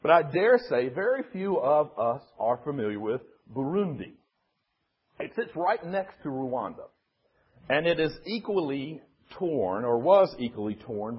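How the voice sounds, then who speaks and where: A man's voice: mid-range voice, animated, a little slow, slightly rough, dull audio. A man giving a sermon as a pastor, telling a story in an earnest, emphatic way.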